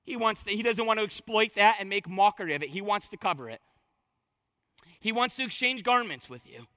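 Guy preaching a sermon, really high bright voice, keeps repeating words to hammer it home, dry close sound. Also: expressive, a little fast, dry recording. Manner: emphatic, repeats words and phrases for stress; swings from loud bursts to hushed asides. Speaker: pastor.

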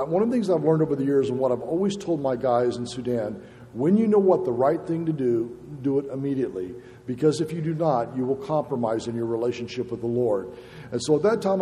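A man's voice: medium pitch, mellow. Impassioned preaching man in a reverberant hall. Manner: impassioned, emphatic preaching with rising bursts. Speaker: pastor. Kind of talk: sermon. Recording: long reverb in a large hall, faint noise.

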